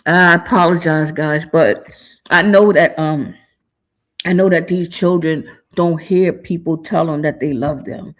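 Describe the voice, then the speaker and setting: A woman's voice: low voice, fairly even intonation, unhurried. A woman hosting a podcast, talking in an earnest, casual way with informal slang, holding back tears. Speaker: podcast host. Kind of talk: heartfelt podcast monologue.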